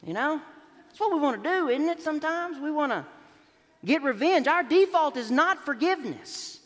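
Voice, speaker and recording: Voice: sits high, expressive, normal speed. Storytelling preacher in a reverberant hall. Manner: storytelling, acting out the voices. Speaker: pastor. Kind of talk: sermon.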